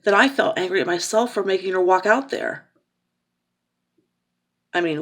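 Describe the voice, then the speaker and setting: A woman in her forties talks in a raw, rambling way in a personal vlog, stopping and restarting her thoughts. Her voice sits a little low and has a gravelly, fry-edged texture. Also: normal speed, long pauses. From Cincinnati, Ohio. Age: 40s. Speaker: vlogger, caregiver daughter.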